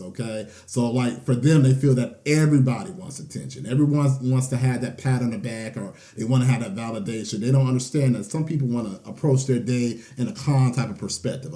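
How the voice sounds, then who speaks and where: A man's voice: mid-range voice, dark tone. A man talking through a collective tarot reading in a loose, conversational way, tagging many sentences with "okay?" and "you know". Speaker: tarot reader.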